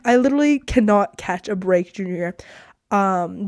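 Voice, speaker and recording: A teenage girl chats to her camera from her bedroom, rambling and poking fun at herself. Her voice sits at a middling pitch for a young woman, and the sound is dry and close with no room echo. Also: lively intonation, normal speed, a little mellow. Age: teens. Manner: chatty, rambling, self-deprecating with frequent laughs. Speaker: podcast host. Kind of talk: casual solo podcast vlog.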